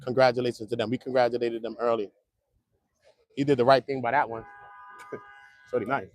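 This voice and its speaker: A man streaming trial updates from outside a courthouse, joking in loose street talk that swings from loud to muttered. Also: medium pitch, flat delivery, brisk, no echo. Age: adult, at least 55. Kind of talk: casual live-stream chat. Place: outdoors near a courthouse.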